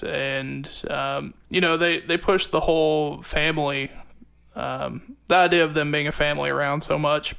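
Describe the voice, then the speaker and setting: A man's voice: on the high side, creaky, fairly bright tone, smooth. A man guesting on a casual movie podcast, talking hesitantly with many fillers. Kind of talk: casual chat.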